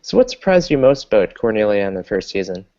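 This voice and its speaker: A man with a very low voice puts questions to a guest in a measured way. He fills his pauses with "uh". The audio sounds slightly muffled. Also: big pitch swings, dark tone. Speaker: interviewer. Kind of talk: interview questions.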